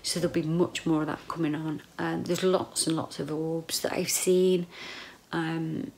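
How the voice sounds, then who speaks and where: Woman, middle-aged, gravelly voice, lowish pitch, rambling emotional vlog, soft whispered asides. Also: flat delivery, unhurried. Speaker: vlogger. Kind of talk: casual personal video diary.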